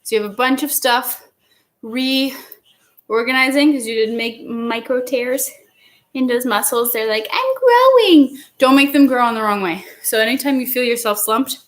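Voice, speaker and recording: A woman's voice: a little high, steady tone, normal speed, fairly bright tone. A woman fitness instructor leading a livestream workout, counting reps aloud and giving playful, encouraging cues. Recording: echoey room, voice far from mic. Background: faint workout music.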